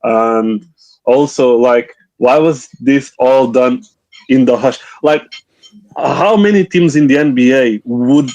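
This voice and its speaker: A man's voice: mid-range voice, takes it slowly, darkish tone, dull audio. A man in a casual group chat, talking emphatically with exasperated asides. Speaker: panel guest.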